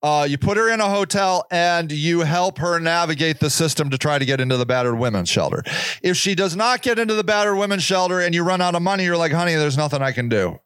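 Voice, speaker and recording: A man's voice: sits high, quick pace, fairly bright tone, clean tone, no echo. A man hosting a podcast, giving blunt, repetitive advice in a casual monologue and acting out the people he quotes. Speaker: podcast host.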